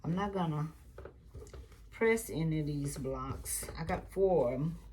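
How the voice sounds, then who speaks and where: Low-pitched and measured, a quilting channel host rambles casually through family stories as she teaches sewing, sometimes murmuring softly to herself. A little hiss or hum can be heard.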